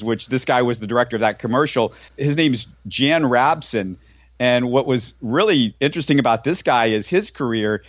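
A man's voice: medium pitch, dry recording, highs cut off. A man co-hosting a podcast from home, chatting casually about a sitcom episode and adding trivia with chuckles. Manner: conversational, adds trivia, chuckles. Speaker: podcast co-host. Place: home in Houston.

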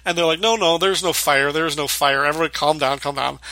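Bright, lively-toned male podcast host. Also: fairly high pitch, fast, no echo. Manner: rambling, heavy use of "like", acts out quotes. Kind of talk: casual chat recapping a sitcom episode.

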